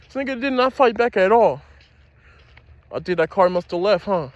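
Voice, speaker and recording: A man's voice: sits high, lively intonation, moderate pace, dry recording, muffled recording. A young man telling a story from his school days in a casual, slangy, profane way, speaking outdoors.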